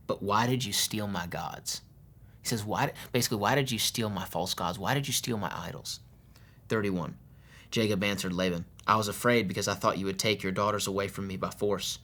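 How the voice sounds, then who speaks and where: A man's voice: on the low side, fairly quick, a bit bright. A male pastor preaching a sermon, reading scripture aloud and explaining it in a casual, conversational way with modern slang. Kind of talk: sermon with Bible reading and commentary.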